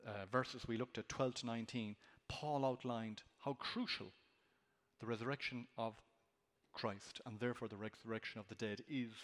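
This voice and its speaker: A man's voice: mid-range voice, big-room sound. A man preaching an expository sermon, earnest and emphatic, lifting his voice on key words.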